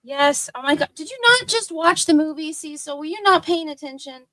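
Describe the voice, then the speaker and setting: A woman's voice: high voice, fairly quick, a bit bright, dry recording. A woman teasing the others in casual livestream banter. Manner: teasing, exclaiming.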